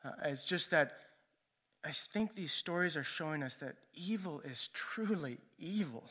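Brief: a higher-pitched man preaching, chatty storytelling sermon. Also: lively intonation, a little slow, pushed and bright, breathy edge. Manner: conversational storytelling, often asks "right?".

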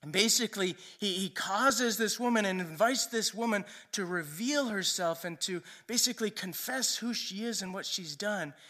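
Bright-voiced conversational male preacher. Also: high voice, normal speed, hardly any pauses. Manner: conversational storytelling, often asks "right?". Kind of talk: sermon.

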